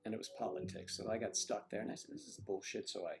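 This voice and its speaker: A man hosting a casual livestream from home, rambling and swearing, with sudden jumps into high-pitched acted quotes. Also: fairly even intonation, very fast. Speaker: livestream host. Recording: loud music playing behind.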